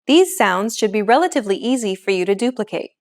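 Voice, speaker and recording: A woman hosting a language lesson, explaining pronunciation in clear, encouraging scripted narration. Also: mid-range voice, expressive, quick pace.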